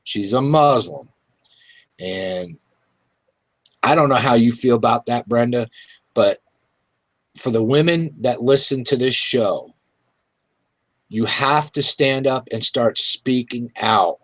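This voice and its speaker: A man hosting a talk show, speaking in an irritated, halting way with many fillers. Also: mid-range voice, a bit bright, no echo. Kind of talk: casual political talk.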